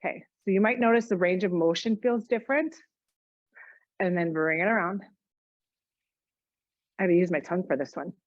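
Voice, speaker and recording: A woman's voice: fairly low pitch, normal speed, long pauses, no echo, dull audio. A woman teaching a yoga class, cueing each move with chatty, joking asides. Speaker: yoga instructor. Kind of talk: guided exercise class instruction.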